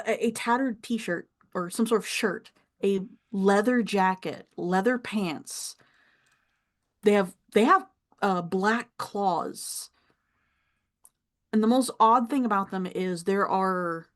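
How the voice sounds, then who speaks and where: A young adult woman narrating as game master, describing scenes with pauses and easy laughs. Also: medium pitch.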